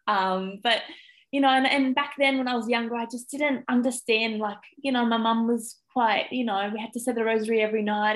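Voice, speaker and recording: A woman's voice: medium pitch, rough recording. A young Australian woman, a primary school teacher, talking as a podcast guest, getting emotional and tearful, with many ums. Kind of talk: casual interview chat.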